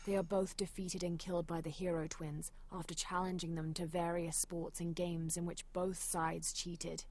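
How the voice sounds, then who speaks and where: An actress voicing a female adventurer in a video game, reading old journal entries aloud in a measured, serious way. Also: on the low side, level tone, darkish tone. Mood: informative.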